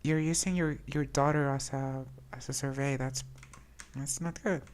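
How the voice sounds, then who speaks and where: Casting: woman streamer, low-pitched, chatty and hesitant, game commentary. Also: steady tone, moderate pace, darkish tone. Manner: chatty, hesitant, many restarts. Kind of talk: casual gameplay commentary.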